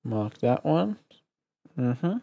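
A man streaming a video game live, chatting casually, excitable and profane, with playful shouted exclamations. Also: mid-range voice, extremely slow, vocal fry, no room sound, studio quality. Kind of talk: casual live gameplay commentary. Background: faint game music.

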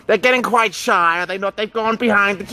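A man's voice: sits high, fairly quick, bright, forceful tone. A man hosting a casual vlog outdoors in a park, with a theatrical, sing-song delivery. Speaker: vlogger host.

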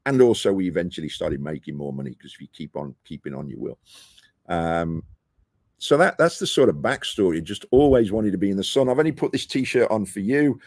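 A middle-aged man from the United Kingdom talks casually in an interview, his voice low and gravelly with a husky edge. He spins lively anecdotes and slips into the voices of the people he quotes. The sound is close and dry. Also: fairly quick, no echo. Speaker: guest, property investor. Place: rooftop terrace outdoors.

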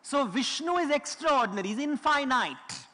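A man's voice: very high voice, expressive, normal speed, sharp tone. A man giving a lecture, explaining with stories and emphatic repetition. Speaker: public speaker. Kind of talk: lecture talk. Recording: long hall reverb.

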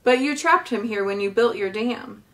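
Woman reading as a calm, polite robot. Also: fairly high pitch, normal speed, far from the mic. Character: calm helpful female robot.

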